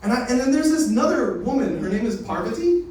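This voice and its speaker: This young comedian has a very high voice with big swings in pitch, a quick pace, and a darkish tone. He tells loose, swear-heavy stories that draw laughs at an open mic night. The mic is far off in an echoey room, and there's slight background noise.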